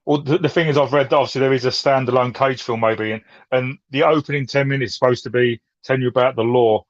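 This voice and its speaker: A man's voice: medium pitch, fairly even intonation, quick pace, no room sound, highs cut off. A man from England chatting as a stream guest, enthusiastic and stumbling over restarts. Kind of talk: casual chat.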